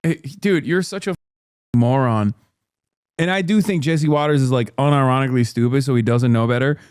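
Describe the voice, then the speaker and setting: A man's voice: mid-range voice, moderate pace, a little mellow, smooth, dry recording, studio quality. A man hosting a stream, reacting to news with sarcastic, profane, casual political commentary. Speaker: streamer host.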